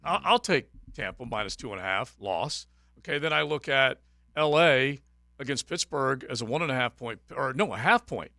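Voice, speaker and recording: A man's voice: medium pitch, animated, moderate pace, creaky, bright, forceful tone, no room sound, studio quality. A man hosting a sports radio show, rambling through his betting losses with self-mocking humor. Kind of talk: casual sports radio banter. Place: radio studio. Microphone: studio microphone.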